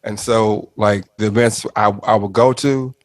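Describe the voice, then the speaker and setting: A man's voice: on the low side, steady tone, measured pace, no room sound. A man hosting a casual chat, playful and jokey, laughing often. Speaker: show host.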